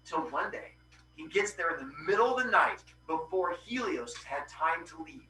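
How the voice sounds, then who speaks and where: A man hosting a podcast, retelling a myth in a casual, animated, jokey way with playful asides. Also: fairly high pitch, moderate pace, echoey room, far from the mic, slight background noise, low-quality recording. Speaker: podcast host.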